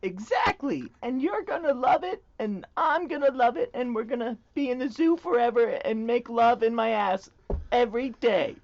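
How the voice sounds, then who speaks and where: A man voicing an earnest but crude young zookeeper woman at an ordinary pitch. The recording is dull. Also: expressive, normal speed.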